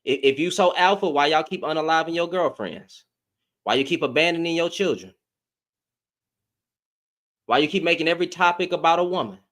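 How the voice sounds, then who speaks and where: A man ranting in a casual, slangy reaction commentary, heated with loud bursts. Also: on the high side, animated, a little fast, pauses often.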